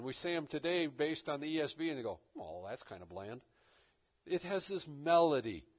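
Male pastor, fairly high voice, chatty teaching sermon, muffled lo-fi recording. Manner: conversational preaching with frequent "kinda" and restarts. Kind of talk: expository sermon.

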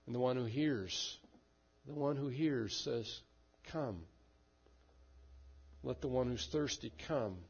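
A man preaching a sermon and leading a prayer, with slow, measured delivery and repeated refrains. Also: mid-range voice, vocal fry, slightly rough, highs cut off. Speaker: pastor.

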